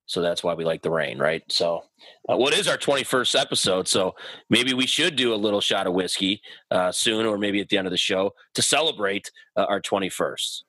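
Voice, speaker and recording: A man's voice: lowish voice, animated, a little fast, pushed and bright, no echo, poor audio. A man hosting a podcast in easygoing casual chat. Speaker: podcast host.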